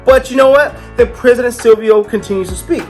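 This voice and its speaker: A man's voice: extremely high pitch, brisk, faint music behind. A man casually narrating a comic book review, with jokey, rambling asides.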